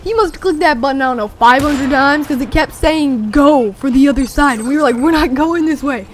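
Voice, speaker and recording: A young teenager rambling excitedly through a story with many fillers, talking over gameplay. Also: sits high, brisk, a little hiss or hum. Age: young teen. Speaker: gameplay commentator.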